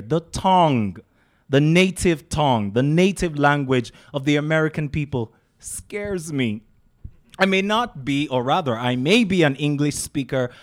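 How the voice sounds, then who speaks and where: A man with a Nigerian accent delivers spoken-word poetry, leaning hard on each repeated phrase. His voice sits a little high for a man, and his delivery is emphatic and theatrical. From Nigeria, Calabar. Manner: dramatic, emphatic, with rhythmic repetition.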